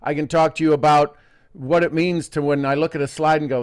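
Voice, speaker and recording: A middle-aged man leading a live coaching session, playful and quick to laugh, often wandering off topic. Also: fairly high pitch, fairly even intonation.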